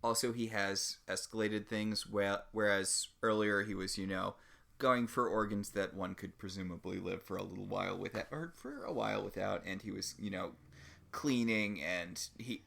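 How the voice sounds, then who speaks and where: A man's voice: fairly low pitch, moderate pace, creaky, fairly bright tone. A man co-hosting a podcast, chatting about a TV episode with dry, joking banter. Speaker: podcast co-host. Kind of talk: casual TV recap chat.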